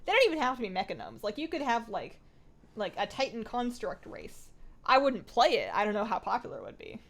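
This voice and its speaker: A woman's voice: fairly high pitch, huge pitch swings, brisk. A woman hosting a casual gaming livestream, thinking aloud, answering viewer chat and laughing often. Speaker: livestream host playing an online game.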